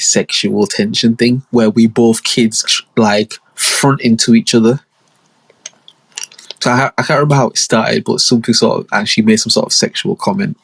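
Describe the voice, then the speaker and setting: Husky-voiced young man telling stories. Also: on the low side. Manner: slangy, rambling, full of asides and acted-out quotes. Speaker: podcast host. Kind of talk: casual storytelling monologue.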